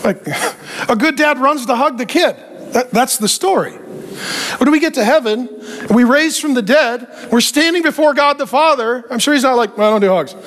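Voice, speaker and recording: High-voiced man preaching a sermon. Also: moderate pace. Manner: animated and joking, acting out quoted voices. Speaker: pastor.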